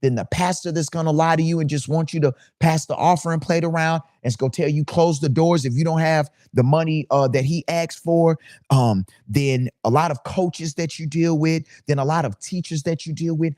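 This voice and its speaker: A man's voice: fairly high pitch, steady tone, moderate pace, darkish tone, dry recording. Man, DJ, casual rant, rhetorical questions, dry close mic. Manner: conversational ranting, rhetorical questions. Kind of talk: casual monologue to camera.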